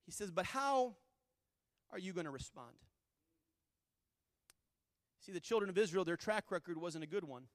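A man's voice: sits high, animated, normal speed, long pauses, dry recording, in a large hall. A male pastor preaching a sermon with fervent, repeated refrains.

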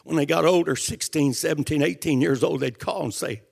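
An older male preacher delivers a fervent sermon in a high, gravelly voice. He swings between shouted declarations and hushed, emotional storytelling. He sounds moved as he speaks. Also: moderate pace, hardly any pauses.

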